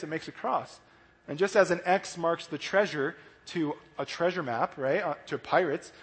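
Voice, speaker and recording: Male kids' pastor, lively and animated, slightly high voice, big hall reverb. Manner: animated, asks "right?" often, acts out voices. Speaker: children's church pastor.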